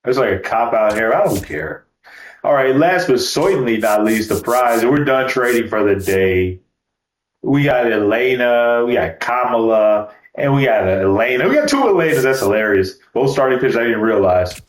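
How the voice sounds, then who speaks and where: A man's voice: medium pitch, moderate pace. A man talks through a baseball video game in a loose, joking way, cursing now and then. His voice sits in a middle range. The room around him is echoey. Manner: loose, joking, swears casually. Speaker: gaming YouTuber. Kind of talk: casual gameplay commentary.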